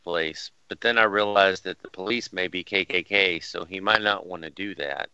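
A man's voice: low-pitched, normal speed, sharp tone, clear, resonant tone, no echo, lo-fi sound. A man co-hosting a casual chat, dropping dry wisecracking asides. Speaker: podcast co-host.

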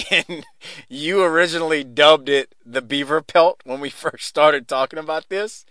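A man hosting a casual podcast chat who laughs often, swears freely and talks in quick, rambling restarts. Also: fairly high pitch, bright, forceful tone, clean tone, no room sound, studio quality. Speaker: podcast host. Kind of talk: casual podcast chat recapping a wrestling show.

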